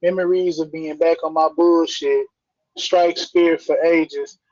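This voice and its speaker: A man's voice: on the high side, fairly even intonation, slow pace, darkish tone, dry recording. Blunt, rhythmic male spoken word poet. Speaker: poet reading on a livestream. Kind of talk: spoken word poetry reading. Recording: dry, dull lo-fi stream audio.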